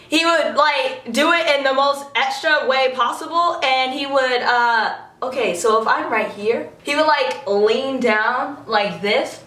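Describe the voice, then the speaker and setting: A young woman chatting excitedly to her viewers in a storytime vlog, animated and giggly with lots of fillers. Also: a little high, reverberant. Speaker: vlogger.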